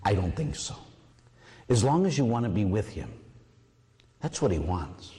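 A priest giving a sermon, telling a personal story with lively asides and acting out voices. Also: male voice, lowish voice, moderate pace. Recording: long hall reverb.

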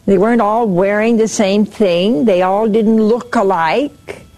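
A woman's voice: mid-range voice, a little slow, mellow. A woman giving a sermon, retelling a story and quoting its speakers, with frequent restarts.

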